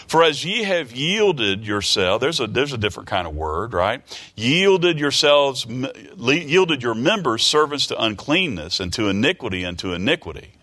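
A man's voice: mid-range voice, bright, forceful tone. A man preaching a sermon, reading scripture aloud and explaining it earnestly, often repeating words as he searches for the next phrase.

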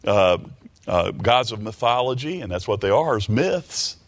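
A male preacher giving a sermon, reading scripture aloud and explaining it. He repeats phrases and stumbles while working through a thought, drops low and quiet when he voices the confession, and rises with emphasis on key words. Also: very animated, unhurried.

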